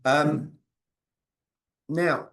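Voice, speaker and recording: A man, leading an interactive sales communication training over a video call and quizzing his audience. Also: a little high. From Britain. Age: 40s. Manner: energetic, quizzes the audience with quick questions.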